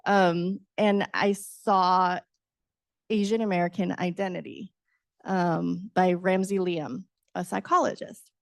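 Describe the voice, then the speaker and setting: A middle-aged woman, a book author, telling a lively personal story at a book talk, laughing often and acting out her younger self. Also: lowish voice, slow, vocal fry, no echo, studio quality. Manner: animated, acts out her past self, laughs often, says "right?". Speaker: author guest.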